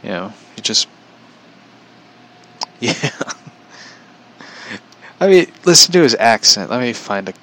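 A man's voice: mid-range voice, very animated, takes it slowly, pauses often, fairly bright tone. A young man chatting casually on a livestream, rambling, often chuckling and reading out viewer comments. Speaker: vlogger.

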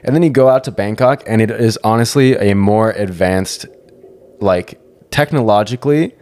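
A man's voice: lowish voice, normal speed, a little mellow. A man hosting a podcast and chatting casually, rambling and swearing a lot.

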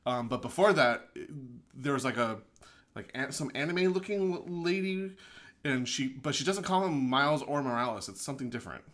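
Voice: medium pitch, expressive, normal speed, a bit bright. A podcast co-host chatting casually about a movie, laid-back, laughing and swearing freely. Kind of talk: casual movie recap chat.

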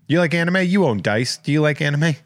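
A man's voice: fairly high pitch, lively intonation, quick pace, no room sound. Joking man hosting a podcast. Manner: joking, rambling shout-outs. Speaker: podcast host. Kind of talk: casual chat.

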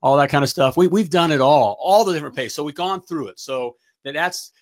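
A middle-aged business coach hosts a livestream with a high-energy pep talk, repeatedly checking in with "all right?" His pitch is fairly high and his delivery a little fast.

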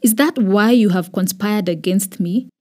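A woman with a Kenyan accent voicing an angry, suspicious old king who shouts accusations at his men. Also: medium pitch, unhurried, close to an everyday voice. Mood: furious, accusing.

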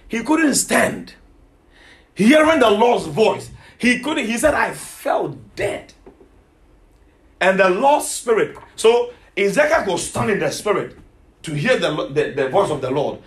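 A man preaching a sermon, emphatic, repeating himself and asking his listeners questions. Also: high voice.

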